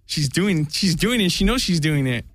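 A man's voice: fairly high pitch, lively intonation, moderate pace, a bit bright. A young man chatting as a podcast guest, telling a long rambling story and acting out what people said. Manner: rambling storyteller, acts out quotes. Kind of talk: casual chat.

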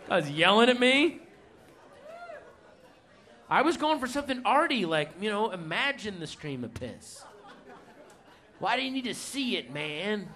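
A male stand-up comedian riffing in a profane, animated way. His voice sits unusually high and bright, with an audience faintly audible in the room. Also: unhurried, long pauses, some chatter behind.

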